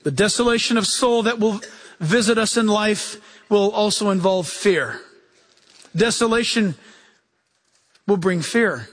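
High-voiced animated male pastor. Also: measured pace, pauses often. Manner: animated, acts out quoted voices, chuckles. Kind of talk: sermon.

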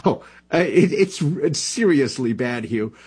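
A man's voice: medium pitch, animated, darkish tone, slight background noise. A man from New Jersey, a political commentator talking casually in a radio interview, with lots of fillers and restarts. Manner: halting, many fillers and restarts.

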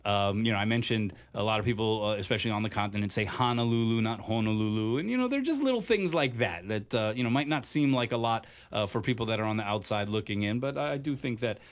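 Halting male sports radio host. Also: fairly low pitch, animated. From Hawaii. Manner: halting, many "uh" fillers. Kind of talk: casual sports talk.

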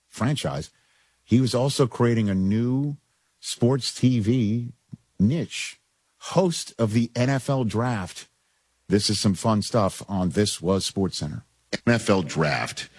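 Guy hosting sports radio, low kinda husky voice, chatty, jumps back in w quick restarts. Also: darkish tone, dry recording. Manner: conversational, pushes back with quick repeated restarts. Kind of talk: radio talk show with callers.

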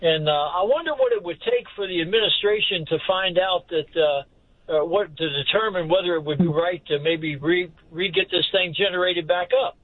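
A man's voice: high voice, no room sound. Hesitant male caller on a tinny phone line. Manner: hesitant, halting. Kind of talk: call-in question.

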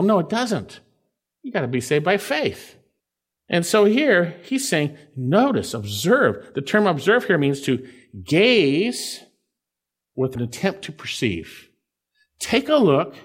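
A man's voice: fairly high pitch, huge pitch swings, a little slow, slightly rough. A man preaching an expository sermon, teaching verse by verse and checking in with his listeners. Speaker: pastor.

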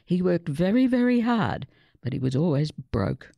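A woman's voice: on the low side, big pitch swings, normal speed, creaky, warm tone, no echo, studio quality, heavily acted. A woman voicing a kind, practical father in a children's story.

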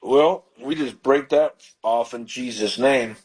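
A man's voice: medium pitch, husky, poor audio. Fervent male pastor hosting call-in radio. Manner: fervent, slows down and softens into prayer. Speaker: radio ministry host and pastor. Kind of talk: call-in radio prayer and ministry talk.

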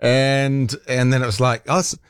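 A man's voice: medium pitch, level tone, normal speed, smooth, no room sound, clean studio sound. A man hosting a talkback radio show, telling a rambling, exasperated story with laughs and mild swearing. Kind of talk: casual on-air chat.

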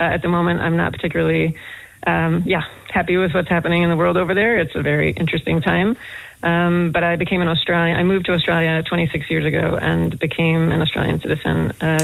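A woman's voice: deep voice, gravelly, no echo, rough recording. A middle-aged American woman from Boston, a management professor, chatting as a radio guest with many fillers and restarts. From Boston, United States. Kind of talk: casual radio interview chat.

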